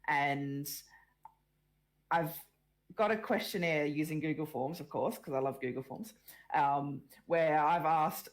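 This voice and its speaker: A woman with a very low, slow-moving voice hosts a casual panel discussion over a video call. She sounds croaky, as if just out of bed, and she chats easily, laughing often between questions. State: croaky morning voice. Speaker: panel host. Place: at home in Australia very early morning.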